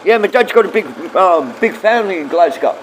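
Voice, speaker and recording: A man's voice: high voice, lively intonation, brisk, slight background noise. A middle-aged man livestreaming, rambling and swearing casually as he answers his viewers.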